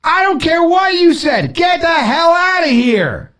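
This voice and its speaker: A man voicing a furious male baseball umpire who shouts and curses as he throws people out. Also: extremely high pitch, sing-song, measured pace, pitched above the performer's own voice, full character voice. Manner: shouting, cursing.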